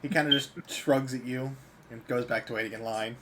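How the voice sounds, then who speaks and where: A man narrating a tabletop game as game master, relaxed and quick to laugh. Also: mid-range voice, noisy background. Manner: relaxed, often breaks into laughter.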